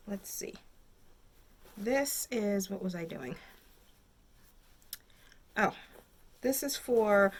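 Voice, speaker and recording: A woman hosting a crafting video podcast from home, chatting casually and thinking aloud, rambling with many fillers. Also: medium pitch. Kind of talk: casual chat.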